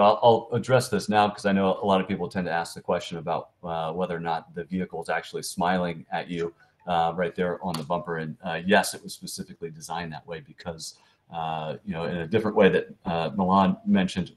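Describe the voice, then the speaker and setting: Male panel speaker, very low voice, relaxed delivery with lots of fillers. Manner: easygoing, frequent fillers. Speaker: panelist presenting for a delivery robotics company. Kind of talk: conference panel presentation.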